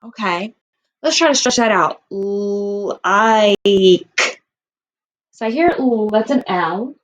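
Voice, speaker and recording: A woman's voice: fairly high pitch, lively intonation, normal speed, muffled recording. A woman teaching a kindergarten writing lesson, stretching out words and sounds for young children.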